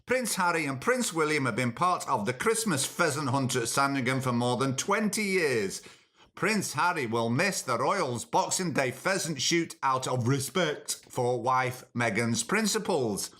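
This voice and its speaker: A man's voice: medium pitch, lively intonation, unhurried, fairly bright tone. A man hosting a podcast, delivering a sarcastic, mocking comedic rant. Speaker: podcast host. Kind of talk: comedic ranting monologue.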